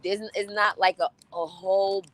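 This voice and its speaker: A woman's voice: medium pitch, flat delivery, normal speed, a bit bright. A woman from New chatting casually on a phone live stream, reading viewer comments, her voice muffled by a mask. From New York. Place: on a city bus. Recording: noisy phone recording on a moving bus.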